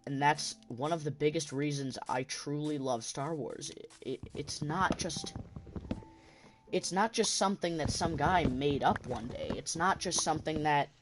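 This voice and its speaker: A man's voice: a little high, unhurried, music in the background. A man hosting a gaming channel, talking in a casual rambling monologue while he plays, passionate and often restarting his sentences.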